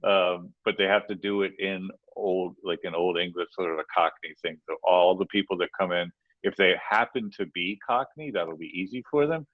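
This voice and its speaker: A man's voice: low voice, fairly even intonation, normal speed, no room sound, narrow, tinny audio. A man co-hosting a casual podcast, advising on the music business in a rambling, playful way with many restarts.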